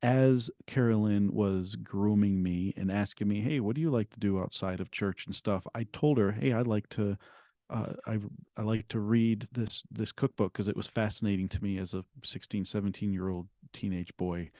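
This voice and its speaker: A middle-aged man speaks as an interview guest, recounting his past in an earnest, halting way that often restarts mid-sentence. His voice sits low and mellow. The recording is close and dry. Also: no echo. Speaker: guest, memoir author. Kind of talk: telling his story in an interview.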